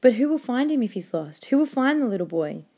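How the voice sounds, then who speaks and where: A woman's voice: fairly high pitch, very animated, brisk, warm tone, voice pushed up. A woman voicing a frightened young boy who pleads with his dying father while she reads a novel aloud to a class. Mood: worried. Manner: small, pleading and fearful.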